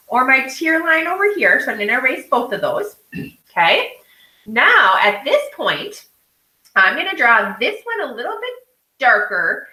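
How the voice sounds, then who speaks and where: A woman's voice: fairly high pitch, sharp tone, echoey room, rough recording. A woman art teacher guiding children through a drawing step by step, often checking in with "okay?".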